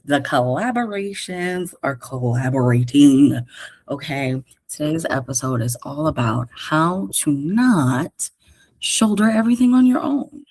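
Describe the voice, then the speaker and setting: Low-voiced, lively New York woman. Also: a little slow, no echo. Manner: slangy, animated, talks straight to listeners. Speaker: career coach and podcast host. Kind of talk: casual solo podcast monologue.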